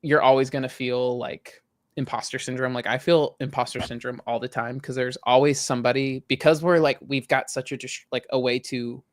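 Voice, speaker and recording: Thirties male podcast co-host, chatty and animated, mid pitch, dry recording. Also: fairly quick, no echo. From Southern US. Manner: animated storyteller, many "like" fillers. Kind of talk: casual chat.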